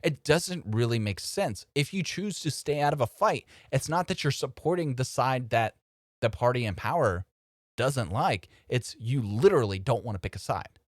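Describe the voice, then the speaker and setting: Animated man giving casual commentary. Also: mid-range voice, moderate pace, no echo, studio quality. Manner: animated and conversational, addressing viewers as folks. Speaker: host of a political commentary channel.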